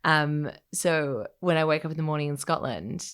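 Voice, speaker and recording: A woman's voice: deep voice, normal speed, clean tone. An Australian woman, a writer, talking in a reflective, conversational way, full of fillers and restarts and frequent small laughs. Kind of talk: reflective casual interview talk. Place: living in Scotland.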